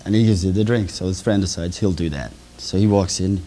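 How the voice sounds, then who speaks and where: A man's voice: low voice, fairly quick, warm tone, a little hiss or hum. A man doing stand-up comedy on a 1980s local television show, telling jokes and mimicking drunk characters in them.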